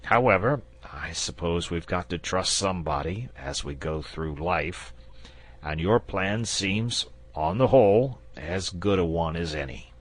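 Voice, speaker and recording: A man voicing a fussy wry dragon, storybook, very low voice, slow and unhurried. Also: animated. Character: bored, coy, sociable male dragon.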